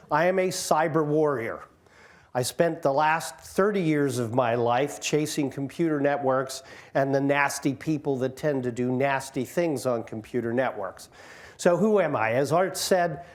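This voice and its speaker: A man in his sixties, a guest speaker telling jokes and stories about his career to a community audience on a microphone. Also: on the high side. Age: 60s. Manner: joking, self-deprecating storyteller. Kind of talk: informal talk to an audience. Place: community hall.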